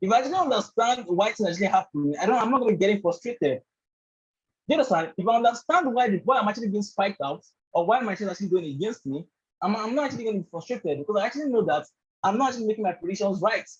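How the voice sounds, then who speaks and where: A trading instructor with a high, expressive, breathy voice talks very fast, and the audio sounds dull. He is teaching a live online trading bootcamp on a group call, constantly asking "do you understand?" and "right?" and leaning hard on "actually" and "all of that."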